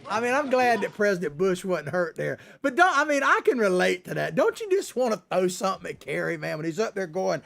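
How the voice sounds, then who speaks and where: A man's voice: high-pitched, sing-song, brisk, vocal fry, hardly any pauses, fairly bright tone. Sarcastic, ranting talk show host man. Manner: sarcastic, ranting, with frequent chuckles. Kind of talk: political commentary monologue.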